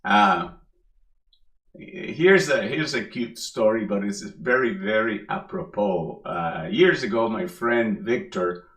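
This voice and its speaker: A middle-aged man giving a sermon as a minister, relaxed and joking, repeating key phrases for emphasis. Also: fairly low pitch, takes it slowly. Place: church hall. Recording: echoey hall.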